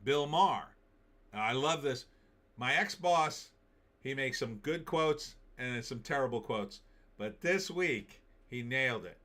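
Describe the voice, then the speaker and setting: Man, commentary show host, opinionated, emphatic, bright forceful voice. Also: mid-range voice, lively intonation, takes it slowly. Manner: opinionated, emphatic, reads viewer comments aloud. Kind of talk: political commentary monologue.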